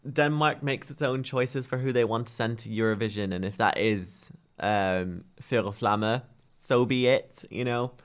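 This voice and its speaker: A man's voice: mid-range voice, a little slow, hardly any pauses. Jokey man hosting a podcast. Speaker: podcast host. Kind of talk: casual chat.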